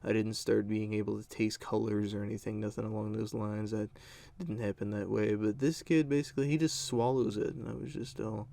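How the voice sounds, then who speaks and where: A man's voice: on the low side, level tone, fairly quick, vocal fry, dark tone. A young man telling a rambling, profane story in a casual storytime vlog. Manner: rambling, profane, lots of fillers.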